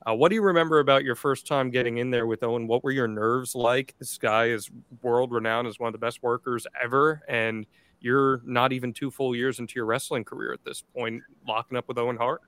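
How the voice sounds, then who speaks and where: A man's voice: medium pitch, fairly even intonation, brisk, a bit bright, clear, resonant tone, no room sound. A man co-hosting a podcast, setting up long questions for his guest in a casual, conversational way. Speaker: podcast co-host, interviewer. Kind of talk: casual interview.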